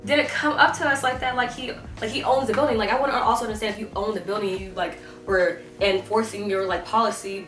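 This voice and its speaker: A teenage girl, telling an animated storytime rant, full of fillers and swinging into voices for the people she quotes. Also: mid-range voice. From South Carolina. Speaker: vlogger. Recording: echoey, voice a bit far from the mic, faint music.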